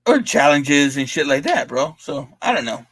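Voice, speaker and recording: A man's voice: on the high side, sing-song, normal speed, fairly bright tone, slightly rough, no room sound. A man co-hosting a podcast in casual chat, laughing often and swearing freely, full of likes and restarts. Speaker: podcast co-host.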